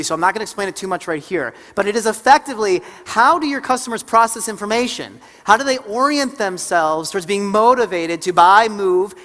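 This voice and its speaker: High, bright man teaching a seminar. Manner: explanatory, addressing the audience with check-ins. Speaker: seminar co-presenter. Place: large conference hall. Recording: reverberant conference hall with faint music.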